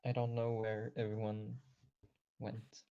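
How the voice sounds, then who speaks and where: A man playing in an online tabletop game, talking in a hesitant, halting way that trails off. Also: on the low side, completely flat delivery, clear, resonant tone. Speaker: player. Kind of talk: casual chat during an online game. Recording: dull lo-fi voice chat.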